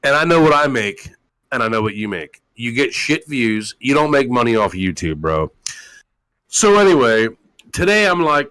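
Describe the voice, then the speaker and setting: A man's voice: big pitch swings, moderate pace, clear, resonant tone, low-quality recording. A man hosting a call-in live stream, ranting in a crude, mocking way with constant swearing. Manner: loud, mocking and crude, swinging widely in pitch. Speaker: talk show host. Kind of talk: profane live-stream rant.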